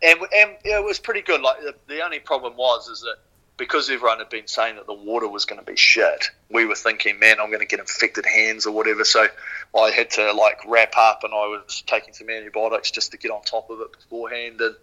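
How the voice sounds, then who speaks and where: A man's voice: fairly low pitch, a little fast, muffled recording. A man from New Zealand with a New Zealand accent, a podcast guest telling a story casually and swearing freely. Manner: swears freely, animated retelling. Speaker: podcast guest, former rower.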